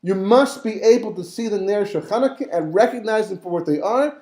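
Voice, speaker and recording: Animated rabbi teaching in an echoey room. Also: male voice, high-pitched, moderate pace. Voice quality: animated, acts out voices of figures in the story. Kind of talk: lively Torah class lecture.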